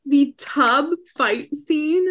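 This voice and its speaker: Young female co-host, bright, slightly high voice, frank and gushing. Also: drawn-out words. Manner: gushing, frank, laughs often. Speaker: podcast co-host. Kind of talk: casual book-club chat.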